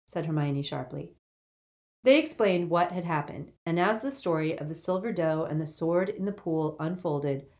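A woman narrates a fantasy novel as an audiobook reader. Her voice sits somewhat low, and she keeps an even, measured delivery between the character lines. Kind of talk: storybook reading.

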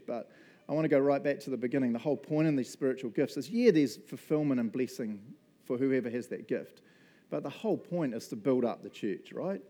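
Here a pastor gives an easygoing sermon at church, often laughing and slipping in brief asides. His voice sits at medium pitch and carries a warm tone.

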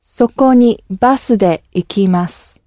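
A woman whose first language is Japanese, saying model phrases in a level, even way for learners. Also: medium pitch, moderate pace, no room sound, studio quality. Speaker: native speaker model.

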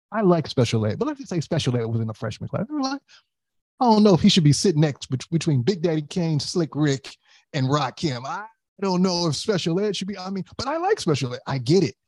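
A man's voice: high-pitched, darkish tone, no room sound. A man in casual podcast chat, talking animatedly and acting out quotes, with many restarts.

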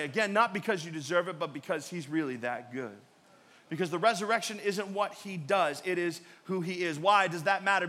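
A male pastor delivers a sermon in a high, ringing voice. He builds to loud, emphatic peaks, then drops into hushed, low asides before rising again. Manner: dynamic preaching, swings between loud emphatic peaks and quiet low asides.

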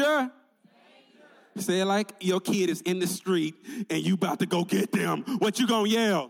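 A male pastor preaching a sermon with energetic call-and-response to his congregation in a large church sanctuary. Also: high voice, moderate pace, creaky. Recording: long reverb in a large church hall.

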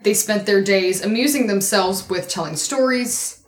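A woman recounting history for a podcast in loose, casual chat. She swears freely and breaks into laughter easily. Her voice sits mid-pitch, recorded in an echoey room. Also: measured pace. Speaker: podcast co-host telling a history story.

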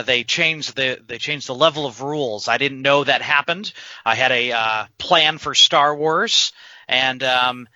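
Bright-voiced male trivia contestant. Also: medium pitch, dry recording. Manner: rambling, relaxed storytelling. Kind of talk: casual chat. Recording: dull, dry lo-fi remote audio.

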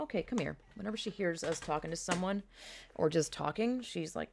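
A young female podcast host with a lowish, creaky voice talks a little fast, candidly and profanely, drifting from one tangent to the next on her headset mic. Some slight hiss or hum is audible.

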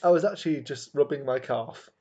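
A man's voice: fairly high pitch, brisk, a little mellow, husky, muffled recording. A man co-hosting a podcast in casual chat, joking and laughing often. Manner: jokey, laughs often, playful wordplay. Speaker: podcast co-host.

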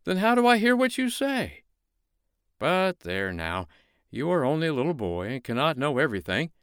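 Fussy storybook snowman, high and eager, as a man puts him on, clipped dry sound. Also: very animated, moderate pace, a bit bright, clear, resonant tone, dry recording. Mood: anxious. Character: fretful talking snowman, male, chatty.

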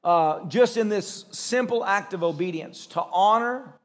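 A pastor with a high-pitched male voice preaches to his congregation. He talks with excitable energy and rises into loud, shouted bursts when he gets caught up in a story. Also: unhurried. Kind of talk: sermon. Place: church service.

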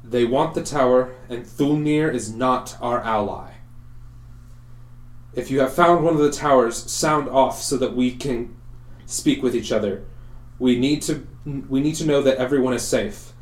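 A man's voice: medium pitch, unhurried, lightly acted. A man voicing a half-elf messenger who gives an earnest warning, in a roomy, echoing room. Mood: urgent. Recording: roomy echo.

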